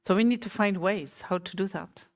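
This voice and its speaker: A gentle Buddhist talk unfolds in a meditation center hall, where a woman teacher addresses a small group without hurry. Her voice is medium in pitch, and she regularly turns questions to her audience.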